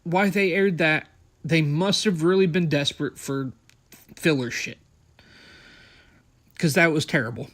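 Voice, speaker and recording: A man's voice: fairly high pitch, a little slow, pauses often, fairly bright tone. A young man hosting a podcast, recapping wrestling in a blunt, sarcastic, profane way. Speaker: podcast host.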